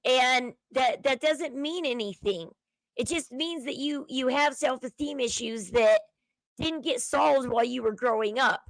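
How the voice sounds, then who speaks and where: A woman's voice: high-pitched, a little slow, gravelly, no echo, low-quality recording. A woman with a Southern accent, livestream host chatting casually to her viewers, with a chatty valley-girl way of talking.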